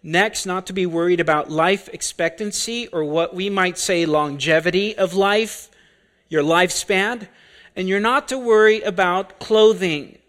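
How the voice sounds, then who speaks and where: A man preaching an expository sermon, deliberate and full of rhetorical questions. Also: high-pitched, a bit bright.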